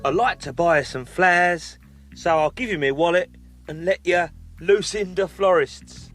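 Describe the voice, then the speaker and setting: A soppy Black Country contestant. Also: male voice, high-pitched, unhurried, over music. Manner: earnest, soppy. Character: earnest male dating-show contestant, soppy.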